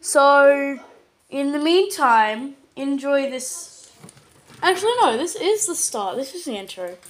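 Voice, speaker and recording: A woman with an Australian accent casually narrating a showcase of her own artwork, stumbling over words and filling pauses with lots of ums. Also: high-pitched, expressive. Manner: hesitant, full of ums and repeated words. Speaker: channel owner.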